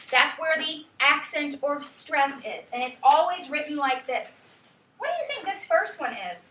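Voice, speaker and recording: Brief: high, bright woman teacher, sing-song classroom delivery, far-off echoey room. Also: a little hiss or hum. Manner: lively, sing-song calling out of words. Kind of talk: classroom lesson.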